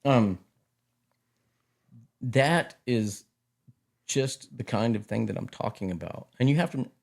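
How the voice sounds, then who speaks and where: A middle-aged man in casual chat, telling stories in an animated way and often repeating his words. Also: medium pitch, takes it slowly, vocal fry.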